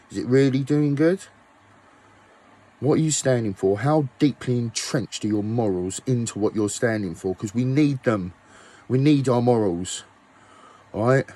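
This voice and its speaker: A man's voice: medium pitch, mellow. A man ranting angrily at his viewers, swearing often and firing off rhetorical questions. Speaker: musician vlogger. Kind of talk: angry rant to camera.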